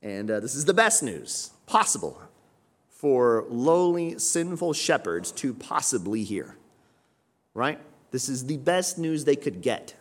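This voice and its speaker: A man's voice: mid-range voice, very animated, unhurried, fairly bright tone, breathy edge. A man preaching a sermon in a conversational teaching manner, often tagging points with a questioning aside and lifting his voice on key phrases. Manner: conversational teaching, frequent "right?" tags, rising emphasis on key phrases.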